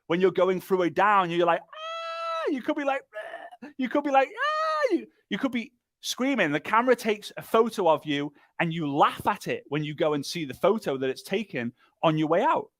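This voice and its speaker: An energetic man delivers a motivational business talk, pressing his points through repetition and quick impressions. His voice sits somewhat high for a man. The sound is dry and close. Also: no room sound. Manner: energetic, emphatic, lively, with repetition and mimicry. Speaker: speaker and business trainer.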